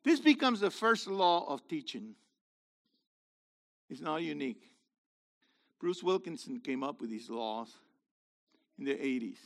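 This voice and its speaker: Animated older man preaching with dramatic swings. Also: on the high side, measured pace, pauses often. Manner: dramatic swings between loud emphasis and quiet asides. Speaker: minister and university teacher. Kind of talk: sermon-style teaching talk.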